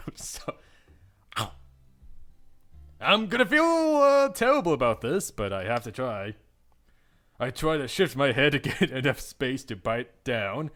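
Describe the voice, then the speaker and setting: A man's voice: medium pitch, a bit bright. A young man hosting a visual novel playthrough, reading aloud and cracking self-mocking jokes. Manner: joking, self-mocking, laughing often. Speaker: gaming channel host.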